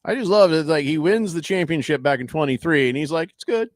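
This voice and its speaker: A man hosting sports radio talk, jokey and animated, reading listener comments aloud. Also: on the high side, fast talker, no echo, clean studio sound. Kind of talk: casual sports radio banter.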